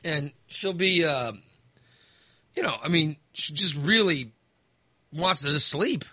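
A middle-aged man telling rambling, animated stories in casual chat as a podcast co-host. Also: fairly high pitch, slow pace, slightly rough, no echo. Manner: rambling, animated storytelling with restarts.

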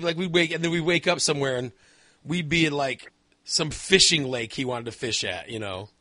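A man in casual conversation with a fairly high, bright voice, recorded dry and close. He rambles through a story with lots of fillers, restarts and acted-out quotes. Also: a little fast, dry recording. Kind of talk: casual chat.

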